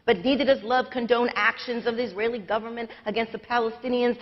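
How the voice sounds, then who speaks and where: A woman pastor with an American accent giving a conversational, self-deprecating sermon to her congregation in a church. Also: on the high side. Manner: conversational, self-deprecating, sings snatches of lyrics. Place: church sanctuary. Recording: dull livestream sound with long church reverb.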